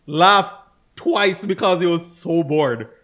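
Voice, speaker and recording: A man's voice: high-pitched, slow, fairly bright tone. A man co-hosting a casual chat, ranting with exasperation about a movie, swearing and acting out his own reactions. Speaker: podcast co-host.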